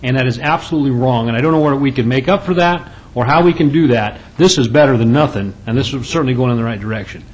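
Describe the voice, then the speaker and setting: A man, a city councilman, speaking earnestly and haltingly at a council meeting. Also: mid-range voice, poor audio. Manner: earnest, halting, clears his throat. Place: council chamber.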